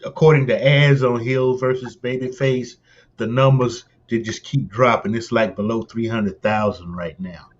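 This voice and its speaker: Man chatting matter-of-fact, muffled lo-fi mic, mid pitch. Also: steady tone, moderate pace. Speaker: chat show panelist. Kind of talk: casual chat.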